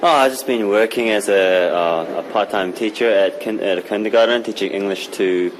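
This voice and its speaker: A man's voice: on the low side, moderate pace, soft background music, rough recording. A male kindergarten English teacher giving casual, somewhat hesitant answers in an outdoor interview. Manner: hesitant, chatty, laughs easily. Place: outdoors in a park.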